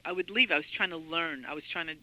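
A woman in her sixties, a guest recounting stories in an interview, lively and anecdotal with frequent laughs and fillers. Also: sits low, fast, dry recording, poor audio. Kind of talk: storytelling interview.

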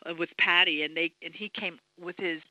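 A woman in her sixties, a guest recounting stories in an interview, lively and anecdotal with frequent laughs and fillers. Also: on the low side, a little fast, no room sound, rough recording. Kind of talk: storytelling interview.

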